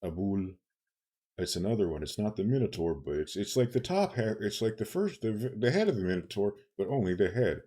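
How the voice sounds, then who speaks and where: A man's voice: lowish voice, sing-song, brisk, warm tone. A man narrating a tabletop game as game master, playful and rambling as he thinks aloud.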